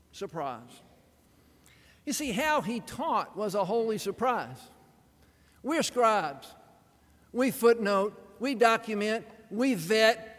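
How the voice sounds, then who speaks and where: A man preaching a sermon in an animated, dramatic way, with wry humorous asides. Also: sits high. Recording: long reverb of a large hall.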